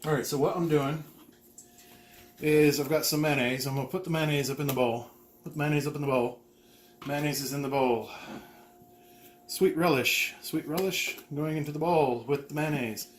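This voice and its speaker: A man's voice: on the high side, steady tone, moderate pace, pauses often, slight background noise. A man co-hosting a jokey home cooking demonstration, repeating each step in a goofy play-by-play. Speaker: cooking show co-host. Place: home kitchen. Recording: clatter of dishes in a kitchen.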